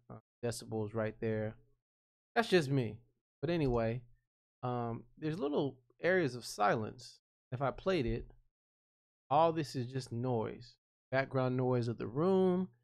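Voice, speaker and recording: A man with a smooth, resonant voice of ordinary pitch narrates his own editing session. He thinks aloud, naming each step as he clicks, relaxed and conversational with frequent restarts. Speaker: freelance video editor explaining his workflow. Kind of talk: casual screen-recorded tutorial.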